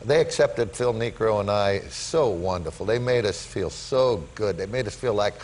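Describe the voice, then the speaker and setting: An older man, a talk show guest, telling animated stories about his life to the host. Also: on the low side, normal speed, slight background noise, low-quality recording. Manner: animated storyteller, voice rising when excited. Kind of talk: storytelling in a talk show interview. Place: television studio with audience.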